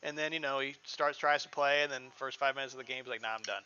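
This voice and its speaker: Bright-voiced streamer man, rambling chat. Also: mid-range voice, fast, clean tone, highs cut off. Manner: rambling, animated. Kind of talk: casual chat while gaming.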